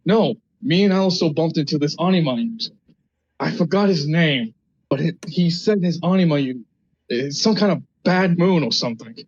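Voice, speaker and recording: Brash cursing young adventurer played by a man, higher voice, dull dry mic. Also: animated, normal speed, husky, no room sound.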